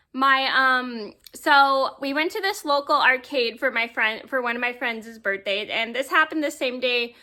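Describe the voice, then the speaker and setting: A woman's voice: on the high side, sharp tone. A woman vlogger telling a story to camera in a casual, rambling way with many fillers. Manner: rambling, filler-heavy, easily sidetracked.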